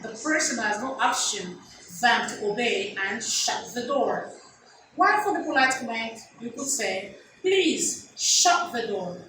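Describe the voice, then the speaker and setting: A woman's voice: fairly high pitch, bright, forceful tone, heavy reverb, recorded from a distance, slight background noise, rough recording. A woman teaching an English lesson in a classroom style, asking rhetorical questions and answering them herself. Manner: repeats examples slowly.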